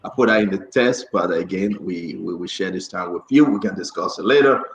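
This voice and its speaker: A man's voice: low voice, fairly quick, echoey room, low-quality recording. A man hosting a casual online talk show, chatty and upbeat, drifting into preachy asides.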